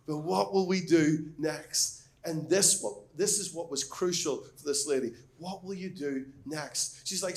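A man's voice: fairly high pitch, a little slow. A man preaching a sermon as a pastor, reading scripture and speaking earnestly and emphatically, with rising questions.

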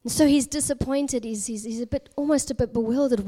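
A high-voiced woman from South Africa preaches by telling a parable. Her delivery is expressive and dramatic, and she sometimes drops to a near whisper for emphasis. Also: a little fast. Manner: expressive, dramatic storytelling with hushed whispered moments. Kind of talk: sermon storytelling.

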